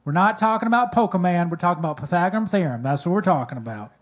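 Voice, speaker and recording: Comic doing a bossy Southern-accented math teacher, high and loud. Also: male voice, expressive, rapid-fire. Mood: scolding. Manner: bossy, scolding. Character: gruff southern middle-aged male math teacher.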